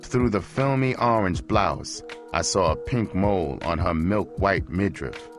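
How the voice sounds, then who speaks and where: A man reading a first-person memoir aloud as an audiobook, slow and deliberate. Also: low-pitched, animated, faint music behind. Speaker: audiobook reader.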